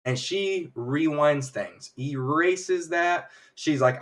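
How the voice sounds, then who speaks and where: Man, casual stream recap, rambling, fairly high voice, a bit off-mic. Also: distant mic. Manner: rambling, acts out characters' lines in quick voices. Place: home streaming setup.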